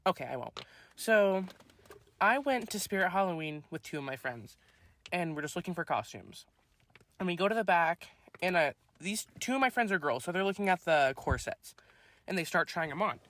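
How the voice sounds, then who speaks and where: A young man co-hosting a podcast, telling a story in an animated, exasperated way, recorded in a parked car. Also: sits high, normal speed. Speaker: podcast co-host. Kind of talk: casual chat.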